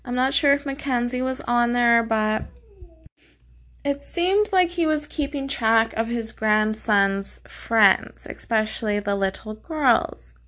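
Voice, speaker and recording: A woman's voice: on the high side, takes it slowly, fairly bright tone. A woman telling a true crime story in a casual, blunt way, swearing often and sounding openly indignant.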